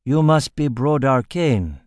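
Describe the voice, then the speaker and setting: A man reads a master assassin in an audiobook, cool and self-assured, speaking slowly and deliberately. The voice stays close and dry. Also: medium pitch, lively intonation, a little mellow, no room sound. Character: calm, confident male master assassin.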